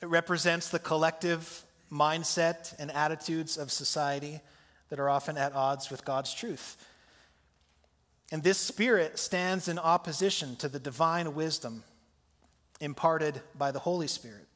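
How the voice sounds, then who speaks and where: The pastor's fairly bright, higher-pitched voice moves at a somewhat unhurried pace as he questions his congregation mid-sermon. His style is conversational, and the sanctuary's long hall reverb colors the sound.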